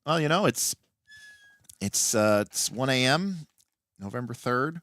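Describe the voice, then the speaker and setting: A man hosting a late-night livestream and explaining tabletop game rules as a game master, animated and often restarting his sentences. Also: medium pitch, unhurried, no room sound, studio quality.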